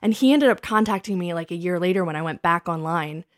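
A woman telling funny stories about old dates in a casual chat, laughing often and acting out what she said back then in a higher voice. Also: quick pace. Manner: animated, laughing, quotes herself in a higher voice. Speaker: podcast co-host.

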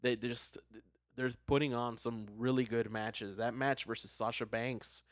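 A man's voice: medium pitch, steady tone, moderate pace, no echo, clean studio sound. A man in casual podcast chat who explains wrestling at length, often restarting his sentences.

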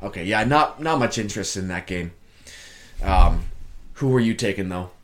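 A man's voice: sits low, expressive, moderate pace. A young man co-hosting a casual sports podcast, laid-back and swearing freely, calling his friend dude. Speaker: podcast co-host. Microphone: own mic, muting himself at times.

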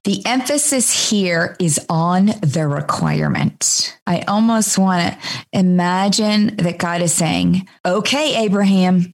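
A woman co-hosting a casual Bible study podcast, talking in an animated, emphatic way and often speaking lines as God would say them. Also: fairly low pitch, slow pace.

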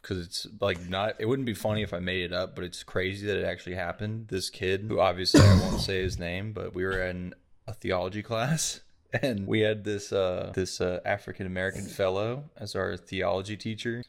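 A young man co-hosts a casual podcast chat in a fairly low voice. He is laid-back and laughs his way through his stories. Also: fairly even intonation, moderate pace, gravelly. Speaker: podcast co-host.

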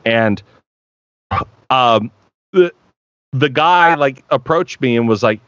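A man's voice: mid-range voice, expressive, slow pace, long pauses, a bit bright, clear, resonant tone, dry recording, highs cut off. A male voice actor chatting on a live stream, rambling and profane with many restarts. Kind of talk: casual live-stream chat.

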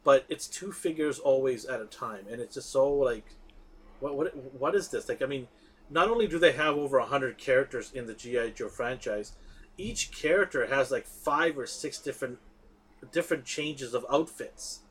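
A man's voice: medium pitch, moderate pace, a bit bright, slightly rough. A man co-hosting a podcast in casual chat, emphatic, often restarting and repeating his words. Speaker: podcast co-host.

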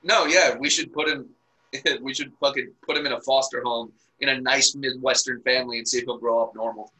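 Laughing, bright-voiced young man joking around. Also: mid-range voice, fairly even intonation, fairly quick, poor audio. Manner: laughs constantly, crude and joking. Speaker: podcast co-host. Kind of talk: casual comedic chat.

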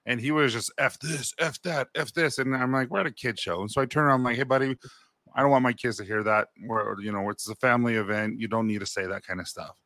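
Bright, forceful guy cohosting a podcast, tells stories and acts out the quotes, dry sound. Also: mid-range voice, fast talker, no room sound. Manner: animated anecdote teller, acts out quotes. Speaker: podcast co-host. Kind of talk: casual chat.

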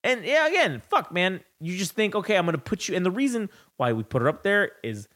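A man's voice: sits high, very animated, a little fast, few pauses, a bit bright. Rambling, cussing young guy. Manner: rambling, profane storytelling about parenting. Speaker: podcast co-host. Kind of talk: casual chat.

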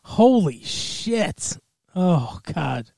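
High-voiced man, dry close sound. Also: very animated, extremely slow, creaky, warm tone, no room sound. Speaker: podcast co-host. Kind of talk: casual chat.

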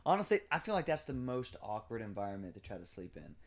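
A man co-hosting a podcast in casual chat, making quick, animated comments. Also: lowish voice. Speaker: podcast co-host.

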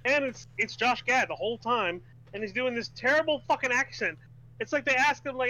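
A man's voice: very high-pitched, fairly quick, sharp tone, poor audio. A man co-hosting a podcast, criticizing a film with sardonic, dry jokes. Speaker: podcast co-host. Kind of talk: casual chat about a film.

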